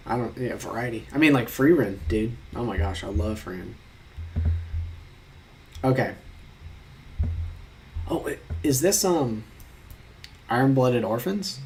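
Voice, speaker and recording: A man's voice: mid-range voice, a little mellow, slight background noise. A young man chatting casually while taking online quizzes, reading questions aloud and rambling in mock-outraged asides, sometimes muttering.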